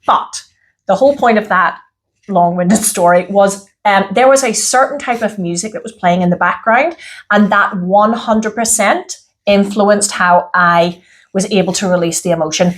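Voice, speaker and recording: A woman's voice: mid-range voice, normal speed. An Irish woman in casual chat, rambling and laughing often, acting out her own past lines. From Ireland. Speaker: podcast co-host.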